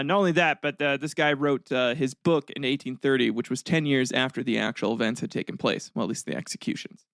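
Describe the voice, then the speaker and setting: A man hosting a casual comedic history podcast, rambling and jokey, with lots of fillers and throat clearing. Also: mid-range voice, a little fast, a bit bright, no echo, clean studio sound. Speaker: podcast host.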